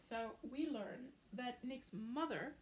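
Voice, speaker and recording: A woman's voice: on the high side, lively intonation, takes it slowly, slight background noise. A woman recapping a film in a chatty, casual way, dropping sarcastic asides.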